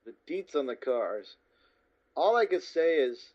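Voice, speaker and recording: A man co-hosting a movie podcast, relaxed, chuckling as he runs through details. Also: a little high, measured pace. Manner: relaxed, rattles off car lists, chuckles. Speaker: podcast co-host. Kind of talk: casual movie podcast chat. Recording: dull lo-fi mic with faint music.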